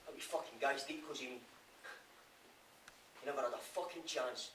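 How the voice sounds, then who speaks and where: A man's voice: mid-range voice, normal speed, pushed and bright, slight background noise, close to an everyday voice. A man playing a guilt-ridden Scottish prisoner. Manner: raw, swearing constantly, brooding. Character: remorseful male prisoner haunted by guilt. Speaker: stage actor. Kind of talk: theatre monologue. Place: theatre stage. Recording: live stage, roomy, from far off.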